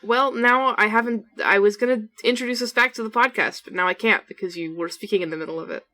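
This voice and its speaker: Bright-voiced wry podcast woman. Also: mid-range voice, quick pace. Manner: wry, teasing, giggly. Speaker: podcast co-host. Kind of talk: casual chat.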